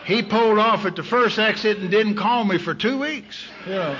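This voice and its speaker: A middle-aged man from Texas telling his recovery story at a meeting, folksy and candid, his voice sinking low in the hard parts. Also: lively intonation, moderate pace, few pauses, bright, forceful tone, a little hiss or hum. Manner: folksy, candid, drops to near silence in heavy moments. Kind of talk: storytelling talk. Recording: dull lo-fi tape recording.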